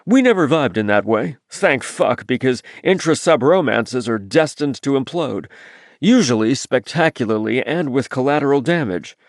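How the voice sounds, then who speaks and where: A man voicing a reserved adult male navy submariner in an audiobook, speaking in a plain, low-key way. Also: expressive, normal speed, no echo, studio quality, close to an everyday voice. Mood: blunt.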